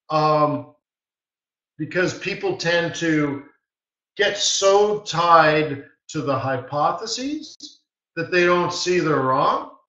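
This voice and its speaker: A man's voice: a little high, fairly bright tone. Emphatic man teaching a live trading webinar. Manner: emphatic, blunt, repeats short commands. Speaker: forex market strategist hosting a live webinar. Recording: roomy, distant, dull-sounding mic.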